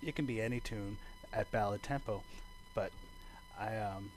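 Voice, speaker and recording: A man teaching a bass lesson over a video call, relaxed and rambling, thinking aloud with fillers. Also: normal speed, a little hiss or hum, rough recording. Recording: bass guitar playing behind him.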